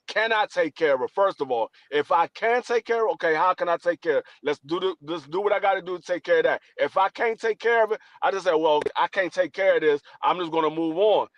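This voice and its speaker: A man's voice: high-pitched, fast talker, few pauses, fairly bright tone. A man on a casual podcast giving earnest, motivational advice and repeating his points. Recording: dull dry lo-fi sound.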